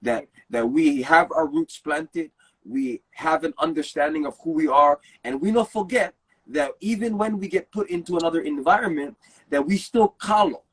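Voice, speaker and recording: A man's voice: fairly high pitch, a bit bright, breathy edge, low-quality recording. A man from Hawaii, talking earnestly in a laid-back way and often saying bro in casual conversation. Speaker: podcast guest.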